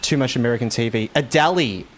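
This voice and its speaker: A fast-talking man of medium pitch, with an accent from Victoria, Australia, chats loosely with viewers during a game stream. He laughs readily and rambles on, with slight background noise in the clip.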